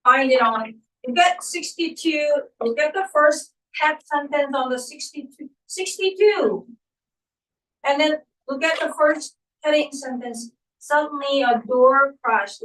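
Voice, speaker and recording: A woman's voice: high-pitched, unhurried, a bit bright. A woman teaching an English reading lesson, prompting her student with many checking questions. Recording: roomy sound, distant from the mic.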